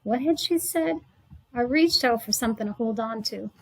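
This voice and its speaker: A woman's voice: on the high side, animated, moderate pace, husky, no room sound, rough recording. A woman reading a children's novel aloud, narrating steadily in the first person with a small slip now and then. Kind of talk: read-aloud book narration.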